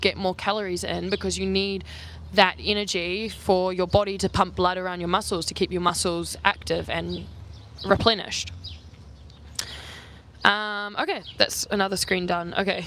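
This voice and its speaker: Outdoors on an island, a young New Zealand travel vlogger answers viewer questions in a lowish, slightly bright voice. She chats casually and rambles, saying "like" constantly and tossing in quick asides.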